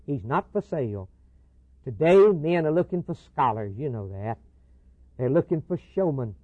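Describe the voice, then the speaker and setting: Male preacher, slightly high voice, rhythmic emphatic sermon, dry lo-fi phone-like sound. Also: very animated, moderate pace, no room sound. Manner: rhythmic repetition, rising emphatic declarations. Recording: tinny phone-like old recording.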